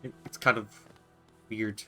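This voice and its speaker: A man's voice: measured pace, bright, forceful tone, faint music behind. A man streaming a game, musing to himself in casual commentary and reading on-screen text aloud.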